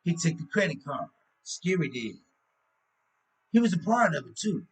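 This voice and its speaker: A man talks to his own camera in a loose, drifting monologue. His voice sits a little high, and he sounds tired and keeps yawning. He circles back to the same phrases and drops in murmured asides. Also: big pitch swings, normal speed, creaky, a little hiss or hum. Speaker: vlogger. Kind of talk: casual rambling monologue to camera.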